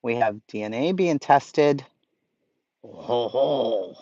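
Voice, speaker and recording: A man talks to his live chat in a loose, excitable way, and his swearing comes easily. His voice sits in a middle register, and the audio is dull and lo-fi. The sound is dry, with no room around it. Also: medium pitch, drawn-out words, no room sound. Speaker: livestream host. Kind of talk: casual livestream chat.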